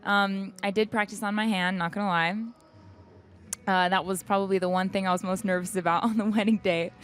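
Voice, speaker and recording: A woman's voice: mid-range voice, steady tone, a little fast, smooth. Candid young woman telling stories. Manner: candid, laughs often while telling stories. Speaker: guest singer. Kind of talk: casual interview chat. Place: backstage at an event.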